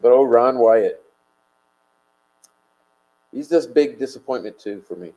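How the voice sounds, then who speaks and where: A man hosts a loose late-night livestream, talking in a mellow, warm voice at a middling pitch. He rambles, greets viewers and swears for emphasis. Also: lively intonation, measured pace, dull audio. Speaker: livestream host. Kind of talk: casual livestream chat, reading viewer comments.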